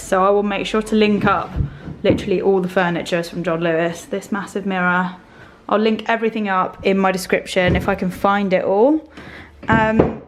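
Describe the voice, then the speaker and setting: A young woman in her twenties vlogging from her bedroom. Her voice sits at an everyday middle pitch, and she talks in a loose, rambling way, breaking into soft little laughs. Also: slight background noise. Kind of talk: casual chat to camera. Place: bedroom of a small flat.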